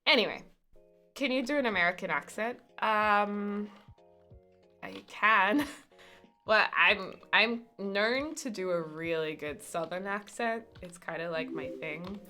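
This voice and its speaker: A young woman live-streaming a game, chatting casually and thanking viewers with excited outbursts. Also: mid-range voice, takes it slowly, soft background music.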